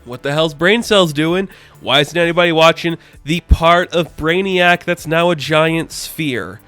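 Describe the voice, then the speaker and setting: A man talks his way through a comic book review in an easygoing, rambling manner, leaning on fillers and loose paraphrases of the characters. His voice sits slightly high for a man. Soft background music plays faintly under him. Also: measured pace, clean tone, no room sound. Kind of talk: casual review monologue.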